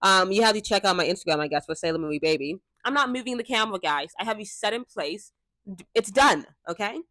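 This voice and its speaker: A young woman talking casually and frankly to a fixed camera, chatty and quick to laugh. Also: mid-range voice, animated, pushed and bright, no room sound, clean studio sound. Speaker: vlogger. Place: indoors, seated before a fixed camera. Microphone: camera mic.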